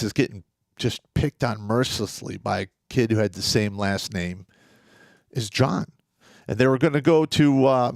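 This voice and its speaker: A man's voice: lowish voice, dry recording. Man, podcast co-host, blunt and profane, casual storytelling, dry close sound.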